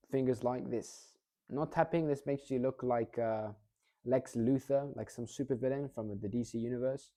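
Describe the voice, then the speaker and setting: A man coaching public speaking in a casual, energetic way, often checking in with the listener. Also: mid-range voice. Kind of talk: casual instructional talk.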